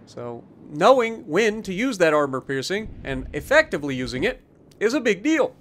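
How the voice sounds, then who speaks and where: A man with a high voice narrates his gameplay in a loose, chatty way. His pitch swings widely as he teases enemy players and picks apart their mistakes with dry sarcasm. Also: sing-song, normal speed, a bit bright. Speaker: gaming YouTuber. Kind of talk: casual gameplay commentary.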